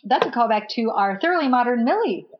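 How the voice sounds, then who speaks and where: A woman's voice: fairly high pitch, animated, fast, dull audio, slight background noise. A woman co-hosting a podcast in casual chat, giggly and joking. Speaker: podcast co-host.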